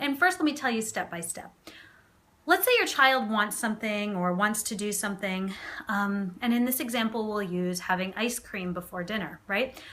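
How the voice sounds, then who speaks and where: A woman's voice: mid-range voice, bright, forceful tone. A woman parenting coach giving a chatty live video talk to viewers. She speaks with frequent fillers and tag questions, and slips into parent voices when she quotes them.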